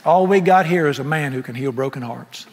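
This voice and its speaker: A middle-aged pastor, preaching a folksy, impassioned sermon that swings from loud to soft. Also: male voice, fairly high pitch, fairly quick. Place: large church sanctuary. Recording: echoey sanctuary with long reverb.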